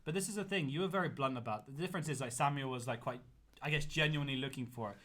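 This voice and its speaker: A young man, co-hosting a podcast, telling animated stories and laughing often. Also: mid-range voice, rapid-fire. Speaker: podcast co-host. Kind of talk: casual chat.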